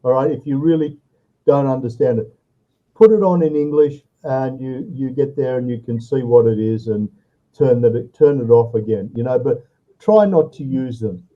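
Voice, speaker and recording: Over a video call with phone-quality sound, a male English tutor speaks at normal speed in a medium-pitched voice. He walks through his online lesson patiently, tacking "okay?" and "all right?" onto his sentences to check in after each point.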